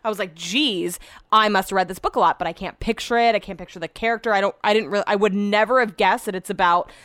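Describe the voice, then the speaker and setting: A woman's voice: medium pitch, quick pace, fairly bright tone, no echo. A woman hosting a solo podcast, chatting casually in a rambling way, swearing freely and trailing off mid-sentence. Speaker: podcast host. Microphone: podcast microphone.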